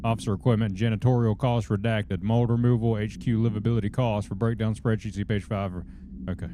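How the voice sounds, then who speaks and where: A man's voice: fairly low pitch, level tone, a little fast, background noise. A man with a Southern US accent giving folksy, drawling live commentary while streaming a game. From southern United States.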